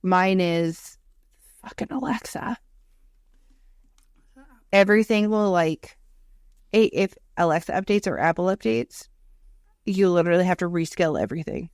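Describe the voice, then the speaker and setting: A woman co-hosting a podcast, telling animated, profane stories in casual chat. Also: on the low side, moderate pace, clear, resonant tone, no echo, studio quality. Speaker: podcast co-host.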